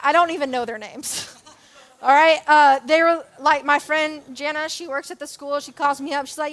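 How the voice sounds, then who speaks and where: Young woman youth leader, high pitch, casual self-mocking sermon delivery. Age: young adult. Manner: chatty, self-deprecating, animated with jokes and asides. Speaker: church youth and kids leader.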